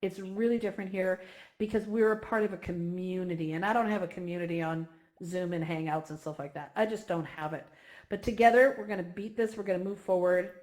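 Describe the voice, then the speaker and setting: A woman's voice: lowish voice, a little fast. Emotional woman speaking to a community. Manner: emotional, near tears, effusive and animated. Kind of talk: heartfelt speech at a virtual reality gathering.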